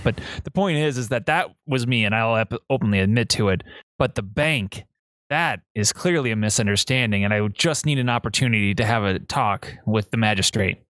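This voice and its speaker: A man voicing a male prisoner in a tabletop game, pleading in a halting, overly formal way. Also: medium pitch, a bit bright, no echo, natural voice. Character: smooth-talking male rogue pleading with a guard.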